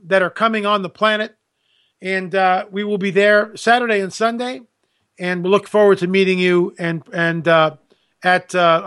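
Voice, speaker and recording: A man's voice: high voice, fairly bright tone. A man hosting a radio show, talking casually and animatedly, restarting his sentences as he goes. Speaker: radio host.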